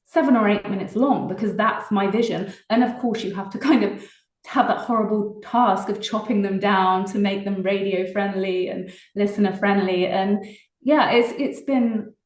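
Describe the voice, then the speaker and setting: A British woman, a singer-songwriter, chatting casually in an interview, laughing often between fast bursts of talk. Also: mid-range voice, reverberant, poor audio. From Britain.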